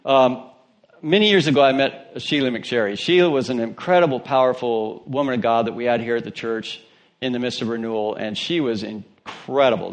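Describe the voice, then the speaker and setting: A man preaching a sermon in a church, telling stories in a conversational way and joking with his congregation. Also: mid-range voice. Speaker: pastor.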